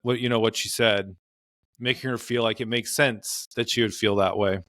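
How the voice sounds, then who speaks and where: A man's voice: on the low side, fairly even intonation, moderate pace, a bit bright, dry recording, studio quality. A man, a marriage and family therapist, explaining in earnest conversational interview advice with frequent fillers. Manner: earnest, explanatory, many "you know" fillers.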